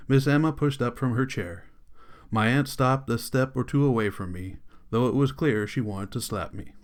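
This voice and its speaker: Man narrating an audiobook calmly. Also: medium pitch, normal speed. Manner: calm, steady storytelling.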